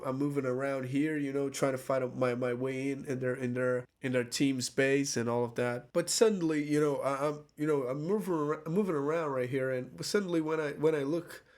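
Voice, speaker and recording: A man's voice: medium pitch, a little mellow. A man telling a story to camera in a casual, rambling way, swearing often, laughing at himself and restarting his sentences. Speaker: vlogger.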